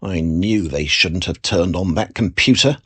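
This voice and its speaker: A storyteller voicing a sensible, indignant female Christmas elf in a storybook reading, with a husky, high, urgent delivery. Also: unhurried, fairly bright tone, heavily acted.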